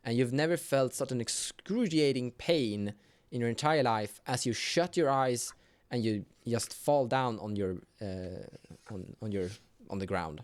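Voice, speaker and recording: A man running a tabletop horror game as game master, narrating in a halting way and searching for words. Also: medium pitch, expressive.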